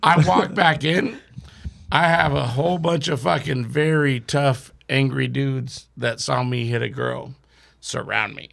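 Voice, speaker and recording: A man's voice: mid-range voice, steady tone, measured pace, vocal fry, a bit bright. A young man telling a wild drinking story as a podcast guest, swearing and laughing through it. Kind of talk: casual storytelling.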